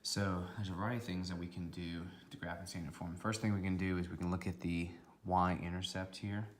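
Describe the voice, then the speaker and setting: A man's voice: sits low, level tone, a little fast, slight background noise. A man teaching a recorded math lesson, walking through each step methodically and checking in with "okay" along the way.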